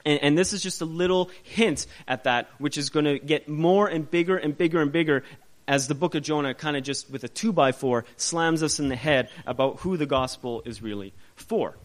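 A man teaching a Bible passage to a group in a casual, animated way, asking rhetorical questions and often restarting his sentences. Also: on the high side, moderate pace.

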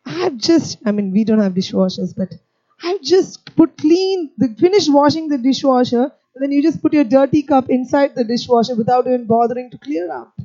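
A woman's voice: high voice, normal speed, dry recording, lo-fi sound. A woman preaching a sermon, telling stories with humour and acting out scenes. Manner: animated, humorous storytelling, acting out scenes.

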